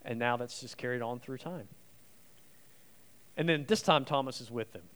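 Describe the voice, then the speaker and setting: A man preaching a sermon as a guest preacher, swinging between loud emphasis and quiet, soft passages. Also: mid-range voice, normal speed.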